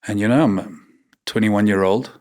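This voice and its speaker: A fairly low, darkish voice, a little fast: a South African man in his fifties guests on a talk show podcast, recounting stories frankly in a candid interview and capping sentences with "man" and "right?".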